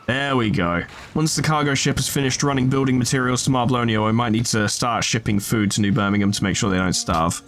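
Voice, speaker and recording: A man's voice: medium pitch, a little fast, few pauses, fairly bright tone, soft background music. Male let's player, casual wisecracking commentary, mid-range voice. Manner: joking, sweary, talks to the game units. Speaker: gaming video host.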